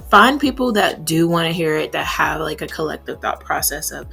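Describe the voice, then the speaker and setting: A woman's voice: fairly low pitch, normal speed, gravelly, fairly bright tone, husky, faint music behind. A young woman chatting casually while doing her makeup, rambling with plenty of fillers. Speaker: beauty vlogger.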